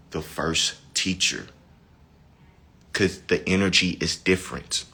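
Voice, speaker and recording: A man giving a casual spiritual talk, dramatic and animated, sometimes dropping to a low hush. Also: slightly rough. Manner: animated, dramatic swings from loud high to low hushed. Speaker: spiritual teacher.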